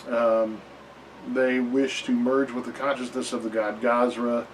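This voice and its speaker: Male reviewer, mid pitch, slow and rambling, dry wry asides, sits a bit off-mic with faint room noise. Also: little pitch movement, far from the mic, poor audio. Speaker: reviewer of tabletop game books. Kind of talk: casual book review.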